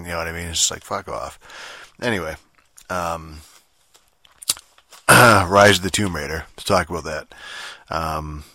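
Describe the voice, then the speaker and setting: A man with a very low voice and a forceful, bright edge talks straight into the mic. He rambles through a profane solo podcast rant, restarting his sentences and piling on fillers. The sound is dry, close and free of room echo. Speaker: podcast host.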